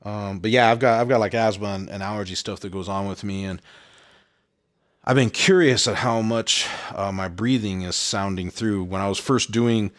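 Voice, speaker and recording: Breathy, chatty male game streamer. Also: on the low side, moderate pace. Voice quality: audible heavy breathing. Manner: chatty, rambling, repeats phrases. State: slightly out of breath. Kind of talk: casual live-stream chat.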